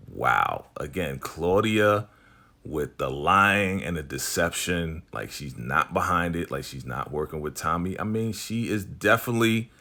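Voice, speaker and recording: Deep-voiced guy doing a chill slangy tv recap, acts out the lines. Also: a bit bright. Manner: slangy, laid-back, acts out the characters' lines. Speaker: TV recap host. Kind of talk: casual TV episode recap.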